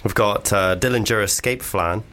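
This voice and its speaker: Man, low voice, playful podcast co-host. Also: moderate pace, a bit bright. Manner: playful, hesitant with fillers, jokey wordplay. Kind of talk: casual comedic banter.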